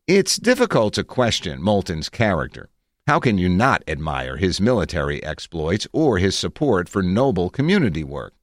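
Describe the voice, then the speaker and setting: A man narrating his own article in a reflective, measured way with wry asides, recorded on a close studio mic. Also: low voice, no echo. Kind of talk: scripted narration.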